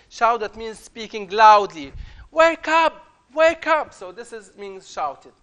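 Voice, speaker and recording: Male English teacher, high voice, patient and repetitive explainer. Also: fairly bright tone. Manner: reads the story aloud with emphatic, raised delivery; explains words patiently, repeating phrases. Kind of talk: classroom lesson explaining a reader story.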